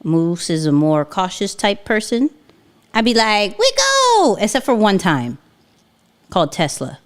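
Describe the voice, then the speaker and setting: Woman co-host, lively swinging voice, chatty and off the cuff with viewer questions. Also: lowish voice, measured pace. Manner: laughs easily, rambling side notes, answers viewer questions. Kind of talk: casual live chat.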